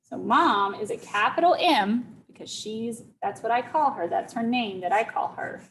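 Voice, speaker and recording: A woman's voice: on the high side, a bit bright, a little hiss or hum, low-quality recording. A teacher telling a young-children's story, checking in often with her listeners. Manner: slow, deliberate, checks in with listeners.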